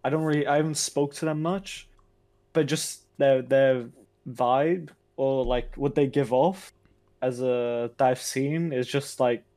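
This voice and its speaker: A young man co-hosting a podcast, talking in casual chat in a hesitant, halting way. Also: mid-range voice, steady tone, warm tone. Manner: hesitant, halting, many restarts. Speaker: podcast co-host.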